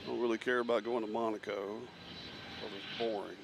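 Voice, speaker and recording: Heavy background noise surrounds a man on a live planespotting stream near an airport, where he chats casually and reads out chat messages. His lowish voice has vocal fry and a level tone, and he talks fairly quickly.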